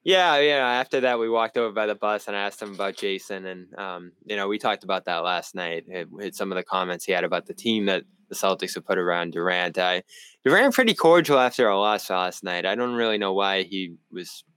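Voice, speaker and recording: A man's voice: deep voice, lively intonation, brisk, fairly bright tone, clear, resonant tone, dry recording. A man with a Boston accent, a sports reporter co-hosting a casual basketball podcast, talking through his analysis with frequent restarts.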